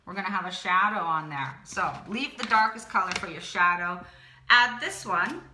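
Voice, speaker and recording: A woman's voice: fairly low pitch, lively intonation, normal speed, pushed and bright, echoey room, slight background noise. A woman teaching a drawing lesson, chatty and encouraging, repeating words to herself as she draws. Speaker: art teacher. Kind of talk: drawing tutorial, talking while working.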